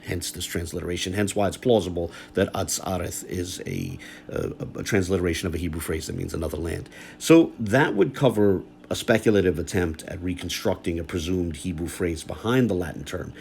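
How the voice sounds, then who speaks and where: A man explaining old texts in a lecture-style video, measured and careful, often checking in with "right?" and "you know". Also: low voice, expressive, vocal fry, darkish tone, slight background noise.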